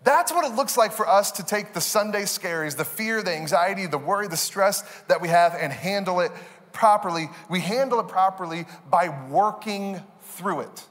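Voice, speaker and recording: Pastor preaching to a congregation, high-pitched man, animated delivery with laughs, church auditorium echo. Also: normal speed. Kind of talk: sermon.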